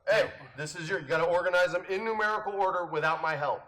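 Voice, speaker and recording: A man's voice: high voice, fast, bright, forceful tone. A man hosting a card game at a table, teasing his guests and laughing often. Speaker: host. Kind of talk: casual banter over a card game. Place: indoor room around a game table.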